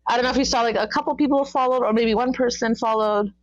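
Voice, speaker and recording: Excitable woman with a high voice. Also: fast talker, no room sound, lo-fi sound. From Canada. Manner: excitable, animated storytelling with laughs. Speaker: podcast co-host. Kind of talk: casual chat.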